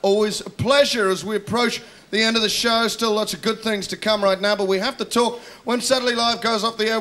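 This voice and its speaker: Male comedian host, rapid-fire rant, high sharp voice. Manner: rapid-fire ranting, rhetorical questions. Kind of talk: stand-up monologue. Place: television studio with audience.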